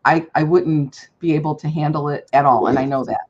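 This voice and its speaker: A woman's voice: deep voice, steady tone, a little fast. A woman chatting casually on a crafting livestream in an easygoing, agreeable way. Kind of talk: casual chat. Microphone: video call. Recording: dull, slightly noisy call audio.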